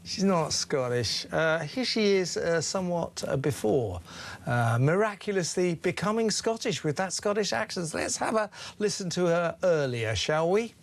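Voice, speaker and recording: A man's voice: sits high, animated, normal speed. A man hosting a talk show, mocking and indignant in an emphatic, opinionated way. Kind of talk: opinionated talk radio chat.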